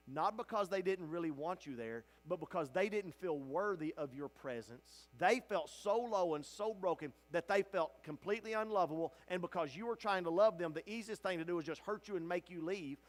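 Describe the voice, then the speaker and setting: A man preaching as a pastor at a church Bible study, passionate, swinging from loud cries to hushed, tender lines. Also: a little high. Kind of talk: teaching sermon at a Bible study. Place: church sanctuary.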